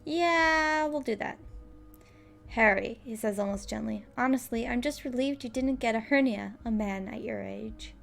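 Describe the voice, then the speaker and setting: Creaky-voiced woman playing a game. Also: fairly high pitch, normal speed, fairly bright tone, faint music behind. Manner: playful, reads game text aloud, swears, laughs often. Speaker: let's player. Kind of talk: casual gameplay commentary.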